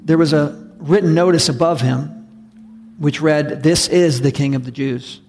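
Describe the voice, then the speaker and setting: A man's voice: on the high side, unhurried, a little mellow, faint music behind. A man preaching a sermon as a pastor, conversational and emphatic, often repeating his points. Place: church sanctuary. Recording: long hall reverb.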